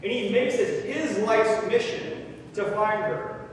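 Captured at a distance in a reverberant church hall, this higher-pitched male preacher delivers an animated sermon at a slow pace. There's a little hiss or hum and faint ambience. He imitates dismissive comforters and keeps asking his congregation questions.

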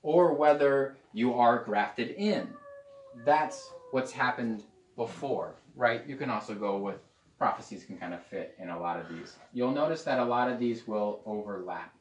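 A man gives a casual teaching sermon, joking and chatty, now and then trying on playful accents. His voice sits at an ordinary middle pitch. The mic is set back from him, and the room adds a noticeable echo. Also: lively intonation, measured pace, slight background noise. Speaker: preacher. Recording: echoey room, mic at a distance.

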